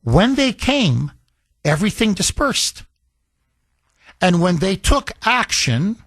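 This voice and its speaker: Male talk radio host, animated storyteller, voice swings widely. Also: sits high, slow pace, soft background music.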